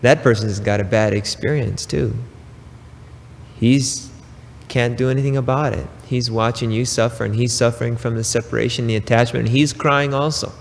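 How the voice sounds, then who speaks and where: A man giving a spiritual talk, preaching slowly and emphatically with pauses and casual asides. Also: medium pitch, fairly even intonation, creaky, long reverb tail, a little hiss or hum. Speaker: spiritual teacher.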